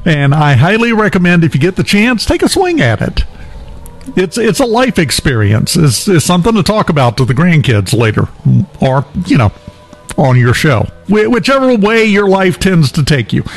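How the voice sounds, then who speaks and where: A man with a fairly high-pitched voice hosts a morning talk show. He tells a long personal story in a relaxed, chatty way, full of small fillers and restarts. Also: moderate pace, soft background music. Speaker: radio show host. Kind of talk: casual anecdote telling.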